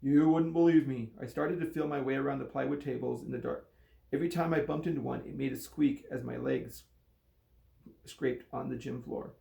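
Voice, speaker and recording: A man's voice: mid-range voice, brisk, gravelly, echoey room. A man, a coach, reading a children's novel aloud with voiced dialogue. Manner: steady storytelling with voiced dialogue.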